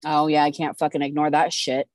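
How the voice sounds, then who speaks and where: A woman's voice: deep voice, little pitch movement, a little fast, a little mellow, no echo, clean studio sound. A woman hosting a casual podcast chat who reacts bluntly, swears and asks follow-up questions. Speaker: podcast host.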